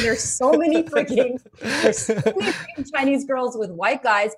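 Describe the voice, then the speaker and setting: A woman's voice: sits high, animated, normal speed, crowd noise. Candid, laughing woman chatting. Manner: candid, profane, laughs often. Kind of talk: casual chat.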